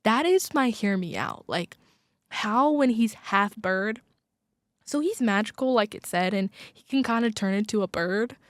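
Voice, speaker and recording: A young woman hosting a college radio podcast, chatting casually and gushing about movies with lots of fillers and quick asides. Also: medium pitch, expressive, no room sound, clean studio sound. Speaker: podcast host. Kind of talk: casual chat.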